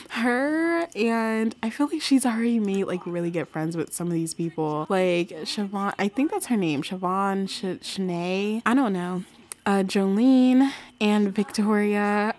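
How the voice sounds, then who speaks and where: A woman's voice: fairly high pitch, unhurried, darkish tone. A young woman giving casual, giggly commentary while playing a life-sim game, gushing and saying "like" often. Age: young adult. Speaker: gaming vlogger. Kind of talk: casual let's-play commentary.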